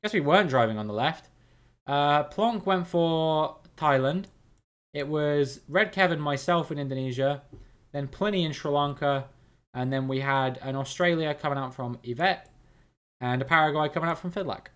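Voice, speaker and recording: A man's voice: on the high side, moderate pace, fairly bright tone, clean tone. A man hosting a live game stream, chatting with viewers and thinking aloud as he plays.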